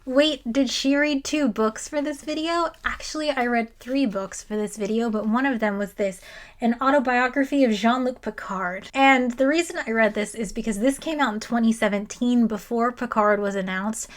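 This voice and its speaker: Woman video essayist, higher-pitched, sarcastic and exasperated, close mic. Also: normal speed. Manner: sarcastic, exasperated, quoting people in mock voices.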